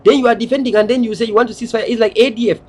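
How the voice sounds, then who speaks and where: Very high, steady, and darkish, this man's voice comes out rapid-fire. He is a Southern Cameroonian political activist with a Cameroonian English accent, lecturing in an impassioned monologue built on heavy repetition.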